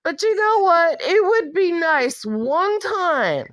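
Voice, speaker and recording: Blunt, profane woman ranting slowly. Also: very high voice, animated, fairly bright tone, dry recording. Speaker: vlogger. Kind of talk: candid monologue rant.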